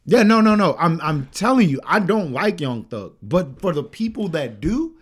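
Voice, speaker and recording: A man's voice: on the high side, very animated, normal speed, husky. A man co-hosting a casual podcast chat, blunt and opinionated, who swears freely and builds his points with long comparisons. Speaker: podcast co-host.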